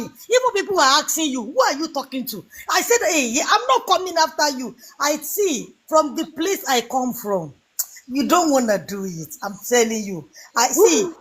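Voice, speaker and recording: A woman's voice: sits high, big pitch swings, normal speed, fairly bright tone. A woman from Nigeria with a Yoruba accent, arguing defiantly in a live stream and repeating her points like a lecture. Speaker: live debate participant. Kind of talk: heated live-stream argument.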